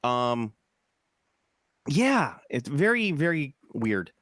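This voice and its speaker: A man's voice: medium pitch, big pitch swings, very slow, a bit bright, dry recording, studio quality. Rambling jokey man in his forties. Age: 40s. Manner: rambling, jokey, laughs often. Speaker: podcast co-host. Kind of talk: casual chat.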